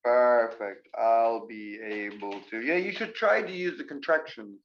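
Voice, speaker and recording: A man teaching English in a live online class, explaining grammar with lively examples. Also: mid-range voice, a little slow, dull audio.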